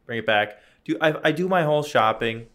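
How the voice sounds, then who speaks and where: A man's voice: a little high, fairly quick. A young man in casual chat, telling stories animatedly and acting out the people in them. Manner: animated storyteller, acts out beeps and quotes.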